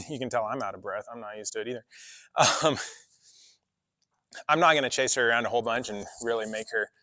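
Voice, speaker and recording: Bright-voiced man coaching a horse. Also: medium pitch, no room sound, clean studio sound. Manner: relaxed and chatty, coaxing the horse in between. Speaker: horse trainer. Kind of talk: casual spoken explanation while working a horse. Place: outdoor horse arena with deep sand.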